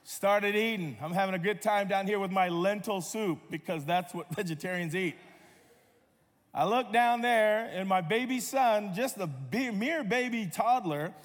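A man's voice: high-pitched, unhurried, in a large hall. A man pastor giving a sermon, telling stories with playful humor and acting out quotes. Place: church sanctuary.

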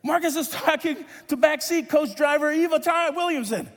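High-voiced animated preacher in a reverberant hall. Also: male voice, fast. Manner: animated storyteller acting out dialogue, rising to shouts. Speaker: pastor and volleyball coach. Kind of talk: sermon storytelling.

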